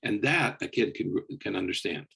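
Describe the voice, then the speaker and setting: Man, low husky voice, psychologist, podcast discussion, patient explaining. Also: expressive, moderate pace, a bit bright. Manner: explains patiently, checks in with "okay?".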